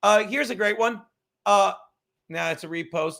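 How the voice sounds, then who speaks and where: A man's voice: sits high, normal speed, gravelly, fairly bright tone. A man hosting a comedy podcast from his apartment, ranting in a profane, mocking, sarcastic way. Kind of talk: casual sarcastic rant. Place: home apartment.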